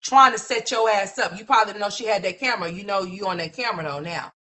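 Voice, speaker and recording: A woman's voice: medium pitch, quick pace, pushed and bright. Blunt, cursing woman livestream host. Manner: blunt, mocking, swears constantly, rhetorical questions. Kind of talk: profane gossip commentary rant.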